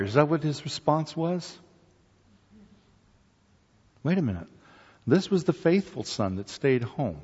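A man preaching a sermon, retelling a parable with lively storytelling and acting out the figures' voices with rising excitement. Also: a little high, unhurried, vocal fry, pauses often, slightly rough, in a large hall, muffled recording.

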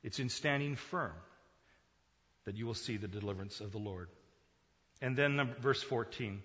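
A male pastor giving a sermon, swinging from quiet talk to loud, emphatic preaching. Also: medium pitch, moderate pace, long reverb tail, lo-fi sound.

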